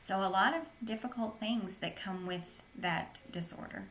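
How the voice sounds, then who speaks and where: A woman's voice: medium pitch, normal speed, a bit bright, a little hiss or hum. A woman, an interview guest, recounting a personal story in an earnest, plain-spoken way.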